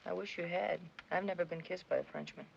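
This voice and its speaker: An actress playing a teasing, forward American army lieutenant in a 1940s screwball film comedy. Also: female voice, on the low side, brisk, vocal fry. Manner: coaxing, playful. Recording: dull, hissy 1940s film soundtrack.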